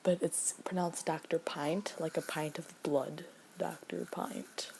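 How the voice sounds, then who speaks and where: A woman's voice: low voice, steady tone, takes it slowly, creaky, a little mellow, a little hiss or hum. A woman casually explaining a casting call to voice actors, rambling with many fillers and often dropping to a near-whisper.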